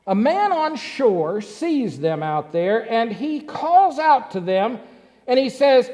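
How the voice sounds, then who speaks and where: High-voiced pastor preaching in a reverberant church. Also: male voice, takes it slowly. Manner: lively storytelling with questions to the congregation. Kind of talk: sermon. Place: church sanctuary. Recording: long church-hall reverb.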